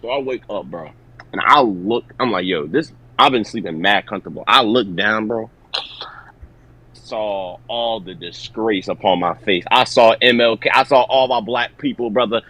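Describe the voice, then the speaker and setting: A young man co-hosting a podcast, telling a story in loose slang with animated energy. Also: fairly low pitch, normal speed, low-quality recording. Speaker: podcast co-host. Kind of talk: casual chat.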